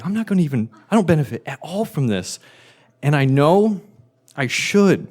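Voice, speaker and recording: A man telling a funny personal story live, animated and wry, building comic tension. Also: on the high side.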